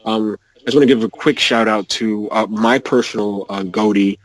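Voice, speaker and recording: A man co-hosting a casual gaming podcast, talking in quick animated rants. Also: on the low side, poor audio. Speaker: podcast co-host.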